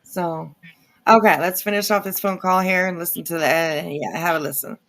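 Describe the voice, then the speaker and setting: A woman's voice: on the low side, fairly even intonation, moderate pace, a bit bright. A woman hosting a casual live stream, greeting viewers and agreeing with her guests. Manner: agreeable, welcomes chat viewers.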